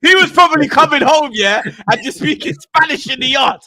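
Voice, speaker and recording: Animated high-voiced man. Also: fairly quick, heavy background noise. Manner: animated, laughing, slangy. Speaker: podcast co-host. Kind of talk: casual banter.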